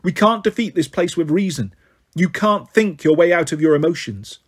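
Man voicing a calm, reassuring teenage girl. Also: fairly high pitch, normal speed, husky. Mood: firm. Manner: soothing, firm.

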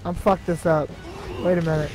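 A man giving profane, frustrated gaming commentary, swearing heavily and yelling at the game. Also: fairly high pitch, little pitch movement, normal speed, poor audio. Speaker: let's play gamer. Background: game music.

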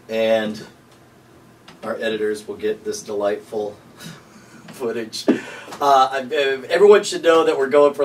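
A man chatting casually on set, relaxed and joking as he thinks aloud. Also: medium pitch, recorded from a distance, a little hiss or hum. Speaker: comedic performer. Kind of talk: casual behind-the-scenes chat.

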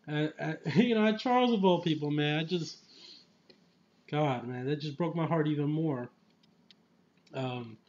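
A man's voice: a little high, muffled recording. A man giving a casual, enthusiastic film review, rambling with lots of fillers and often laughing. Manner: laughs often mid-sentence. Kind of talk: casual spoiler movie review.

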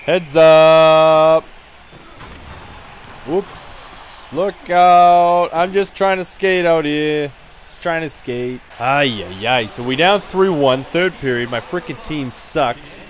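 A man's voice: fairly high pitch, slow pace, a little hiss or hum. A man voicing a brash, dim-witted young male hockey goon in rowdy, trash-talking game commentary. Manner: rowdy trash talk, frequent laughs. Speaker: gaming video creator. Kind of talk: in-character gameplay commentary.

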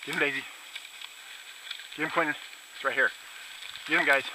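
A man out hunting with his dogs, shouting short commands to them and talking quietly to his camera. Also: fairly even intonation, moderate pace, noisy background. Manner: shouts dog commands, then talks low and quietly to the camera. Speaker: hunter filming his dogs. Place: outdoors in snowy rural fields.

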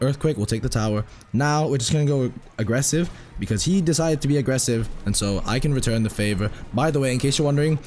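A hoarse young man giving excitable, self-mocking live commentary while playing a mobile game, swearing often. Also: mid-range voice, quick pace, a little hiss or hum. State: hoarse, recovering from a lost voice.

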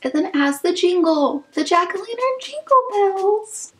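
A woman's voice: very high-pitched, expressive, fairly quick, poor audio. A young woman from Kansas hosting a casual vlog, opening fan mail, gushing and emotional, with many "like" fillers. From Wichita, Kansas. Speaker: YouTube channel host.

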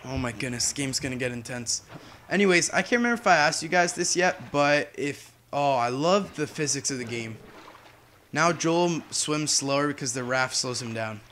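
A man's voice: mid-range voice, animated, normal speed, fairly bright tone, a little hiss or hum. Young guy doing a game walkthrough, rambly and casual, hums between lines. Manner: chatty, distracted, hums to himself. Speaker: gaming YouTuber. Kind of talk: casual gameplay commentary.

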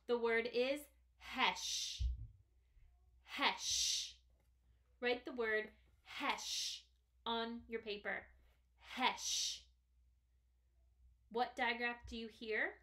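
Woman, first grade teacher, phonics video; slow and deliberate, bright and a bit high. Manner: slow, careful, stretched-out sounds.

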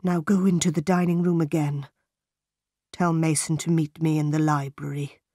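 A woman voicing a stern, brooding middle-aged gentleman in a read-aloud storybook, speaking low, grave and quiet. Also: little pitch movement, normal speed, dry recording, clean studio sound.

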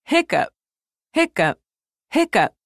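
A cheerful little girl who fixes toys, as a woman reads her, calm and sure of herself. Her speech is slow and kindly, with a lively lilt and a dry, close sound. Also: a little high, dry recording. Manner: gentle, confident and reassuring. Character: cheerful young girl, a toy doctor.

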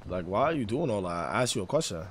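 A man's voice: fairly low pitch, sing-song, fast, a little hiss or hum. A man streaming a role-play game, chatting in character in heavy slang and often repeating himself. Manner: slangy, repeats himself, teasing then bossy.

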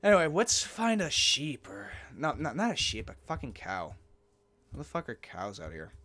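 A man's voice: medium pitch, wildly swooping pitch, moderate pace, pushed and bright. A man giving casual, profane, joking commentary while playing a game, talking to himself and mumbling asides. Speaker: let's play gamer.

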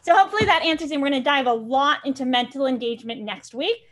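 High-voiced upbeat woman dog trainer. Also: fast talker, a bit bright. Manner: upbeat, chatty, explaining step by step. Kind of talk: live online class teaching.

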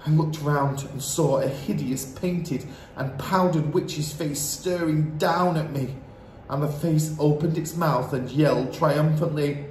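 A man's voice: a little high, measured pace, darkish tone. A man reading a children's book aloud as storyteller, narrating with dramatic expression. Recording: roomy echo, faint hiss.

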